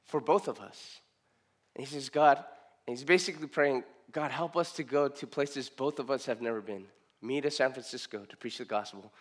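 A middle-aged man preaching a sermon, telling a personal story with emotional repetition and loud rising emphasis. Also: medium pitch. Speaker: pastor.

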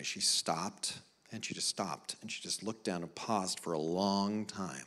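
Middle-aged guy preaching, voice swings way up and down, goes quiet then gets loud and pushy. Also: normal speed. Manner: animated storytelling, soft low stretches rising to loud emphatic appeals. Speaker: pastor. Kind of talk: sermon.

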